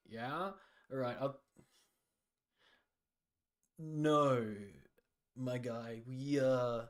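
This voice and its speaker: Guy doing a broke tavern bum, slow drawl, says man a lot. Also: a little high. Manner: drawling slacker slang, calls everyone man. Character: broke, laid-back male tavern hanger-on.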